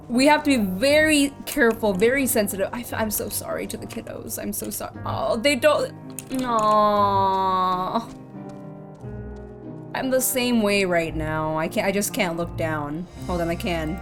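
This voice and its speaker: A woman streamer casually commenting on her gameplay, playful and chatty with her viewers. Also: mid-range voice. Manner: playful, laughing, talking to chat. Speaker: game streamer.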